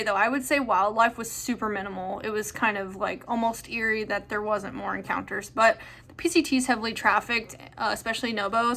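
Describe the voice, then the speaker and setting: A woman's voice: on the high side, bright, forceful tone. A young woman answering viewer questions in a chatty, rambling way with lots of fillers. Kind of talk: casual chat.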